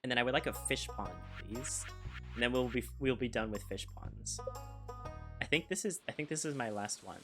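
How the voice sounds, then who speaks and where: A man's voice: medium pitch, normal speed, fairly bright tone. A young man chatting casually while streaming a video game, rambling and restarting his sentences and laughing often. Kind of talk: casual live-stream chat while gaming. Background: game music.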